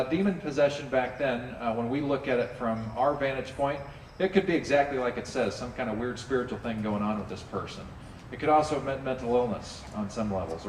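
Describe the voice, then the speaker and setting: A man preaching a sermon to a congregation in a relaxed, conversational way, often asking listeners to join in. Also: mid-range voice, a little hiss or hum. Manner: conversational, animated, drops in playful character asides. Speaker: pastor. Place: church sanctuary with a congregation. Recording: roomy hall, distant mic, faint ambience.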